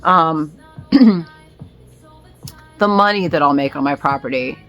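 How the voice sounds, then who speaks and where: A woman's voice: deep voice, slow pace, a bit bright, lo-fi sound, faint music behind. A woman vlogging in a casual, rambling way, with many fillers and restarts. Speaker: vlogger and small business owner.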